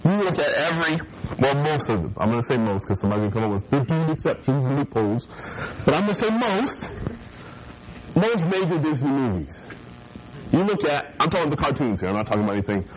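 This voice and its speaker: A man delivering a youth group sermon in a casual, joking way. He slips into mocking voices and laughs with his listeners, at an ordinary pitch. Faint background noise sits under the recording. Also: lively intonation, fast, rough recording. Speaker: youth pastor.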